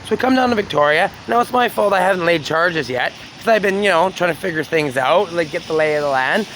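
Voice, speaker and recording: A man with a voice pitched a little high rambles through his own story. He swears freely and sounds aggrieved. He is outdoors on a city street at night, with faint traffic behind him. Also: lively intonation, brisk, fairly bright tone.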